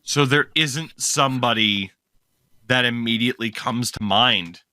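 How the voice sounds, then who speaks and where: A man hosting a casual hockey podcast, chatty and quick to laugh. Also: medium pitch, no room sound. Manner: chatty, laughs often, animated storytelling. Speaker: podcast host.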